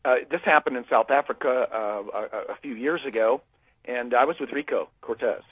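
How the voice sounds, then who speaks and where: Over a phone line, a male guest from the United States tells the host a long story in a brisk, mid-range, slightly rough voice with no echo. His conversational storytelling is full of fillers and restarts.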